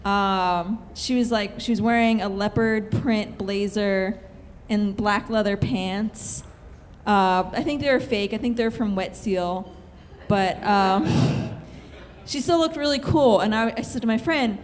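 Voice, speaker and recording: A woman's voice: mid-range voice, unhurried. A young woman telling a true-life story on stage, chatty and giggly, with lots of filler words. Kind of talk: live comic storytelling. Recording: hall reverb, faint room noise.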